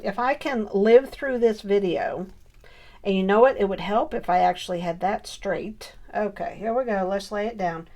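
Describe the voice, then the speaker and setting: An unhurried woman with a medium-pitched, slightly mellow voice films herself scrapbooking. She chats casually about the craft and talks quietly to herself as she works.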